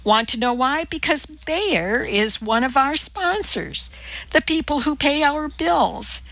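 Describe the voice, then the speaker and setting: A woman's voice: sits high, lively intonation, takes it slowly, fairly bright tone, no echo, dull audio, voice pushed up, heavily acted. A woman voicing an irritable, harried middle-aged male TV producer with exasperated sarcasm, in an audiobook reading. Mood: sarcastic.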